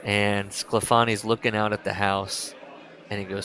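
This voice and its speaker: A man's voice: lowish voice, little pitch movement, normal speed, bright, forceful tone. A man co-hosting a casual book-club podcast, reading passages aloud and mocking them with frequent laughter. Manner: sarcastic, mocking, laughs often. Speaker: podcast co-host.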